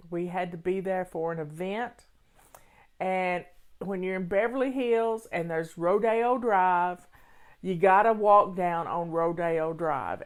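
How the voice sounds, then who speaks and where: An older Tennessee woman with a Southern accent and a mid-range voice hosts a home organizing show. She chats casually and tells stories in a folksy way.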